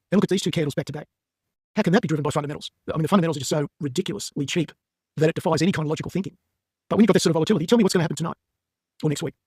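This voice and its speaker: A man giving members a brisk, emphatic market update while walking through stock charts. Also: fairly high pitch, a little mellow, husky, no room sound, studio quality. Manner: brisk and emphatic, plain-spoken.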